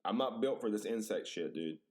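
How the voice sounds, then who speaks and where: Speaking a little fast in a low voice, this man hosts a podcast and tells over-the-top stories laced with swearing. His casual delivery stays animated throughout.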